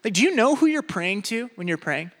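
A young man preaching a sermon, animated and acting out the people in his stories. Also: high-pitched, brisk. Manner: animated, acts out voices in stories. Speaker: pastor. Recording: echoey hall.

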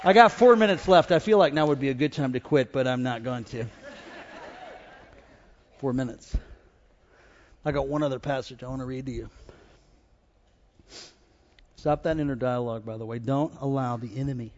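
A male pastor preaching a humorous storytelling sermon, animated and joking, rising into loud exhortation. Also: medium pitch, normal speed, pauses often, long reverb tail, highs cut off, a faint crowd, a little hiss or hum. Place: church with congregation.

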